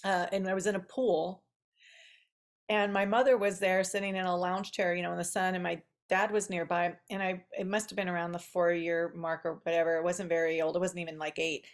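A woman's voice: fairly low pitch, flat delivery, brisk. Chatty woman telling a story, laughing often. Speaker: podcast host. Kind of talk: casual storytelling chat.

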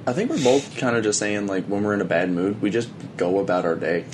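A young man co-hosting a podcast in casual chat, agreeable and soft-spoken. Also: fairly low pitch, animated, a little fast, noisy background. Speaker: podcast co-host.

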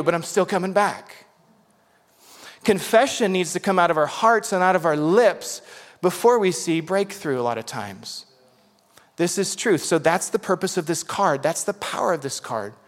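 A man preaching a sermon in an earnest, conversational way, often checking in with "right?" and "okay?". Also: fairly high pitch. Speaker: pastor. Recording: long hall reverb.

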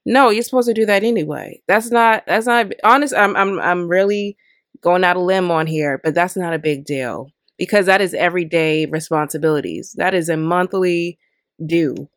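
A woman's voice: lowish voice, moderate pace, dry recording, clean studio sound. A woman hosting a podcast, delivering an opinionated commentary rant full of exasperated rhetorical questions. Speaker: podcast host.

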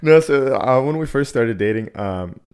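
A man's voice: medium pitch, animated, moderate pace, darkish tone, clear, resonant tone. A young man co-hosting a podcast, laid-back and laughing often, swearing as he tells a story. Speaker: podcast co-host. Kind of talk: casual podcast chat.

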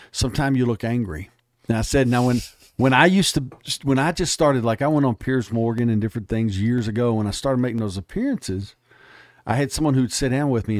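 A man's voice: mid-range voice, darkish tone, dry recording, studio quality. A man speaking as an interview guest, emphatic and plainspoken, telling stories in casual talk.

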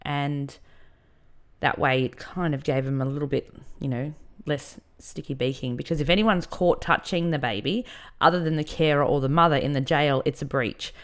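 Speaking at a moderate pace in a low voice, this podcast host shares a personal story. Her delivery is candid and conversational, peppered with fillers.

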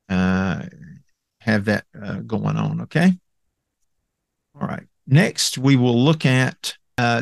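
Halting male Bible teacher with gravelly voice. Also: medium pitch, fairly bright tone, no echo, clean studio sound. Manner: halting, many fillers and restarts; methodical, walks through charts and Greek word roots. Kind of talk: recorded Bible lecture with slides.

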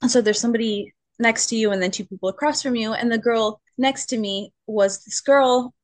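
A woman's voice: on the high side, fairly quick, dry recording. A young adult woman, a guest on a podcast, candidly telling a personal story in a chatty way, with lots of "like". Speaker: guest, musician and advocate.

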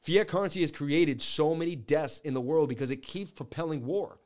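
A man's voice: a little high, normal speed, a little mellow. Fired-up man ranting on a livestream. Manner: fiery, preachy, repetitive, slogans. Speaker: livestream crypto market host. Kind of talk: impassioned live rant.

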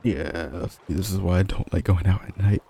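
A man's voice: low-pitched, moderate pace, creaky, dark tone, slightly rough. A man chatting playfully and easily with a friend while they play a game together. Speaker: gamer. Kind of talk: casual co-op gameplay chat.

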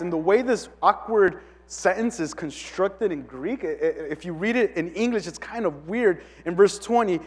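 High-voiced guy preaching casual, lots of "like", long hall echo. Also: animated, moderate pace. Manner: conversational, many "like" fillers and restarts. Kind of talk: casual teaching sermon. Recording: long reverb of a large hall.

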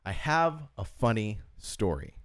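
A lowish, very animated male voice moves at a measured pace. He's co-hosting a podcast in casual chat, telling long, meandering stories stuffed with fillers and a heavy dose of "like."

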